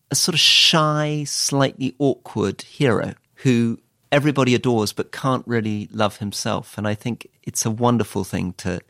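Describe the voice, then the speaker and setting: British guy with a low fry-tinged voice, wry dry humor, answering interview questions. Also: fairly bright tone, dry recording. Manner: dry, wry storytelling with quoted asides. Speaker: guest author, former politician.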